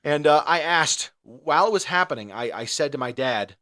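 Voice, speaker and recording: Animated man in casual sports chat. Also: fairly high pitch, normal speed. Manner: animated, rising to shouts when riled. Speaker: podcast co-host.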